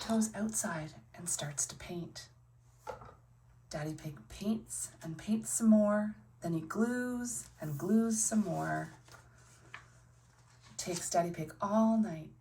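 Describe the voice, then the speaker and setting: A woman reading a children's picture book aloud and narrating toy play, in a soft, hushed voice with playful voices for the characters. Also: mid-range voice, slow, far from the mic, slight background noise. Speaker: storyteller playing with toys.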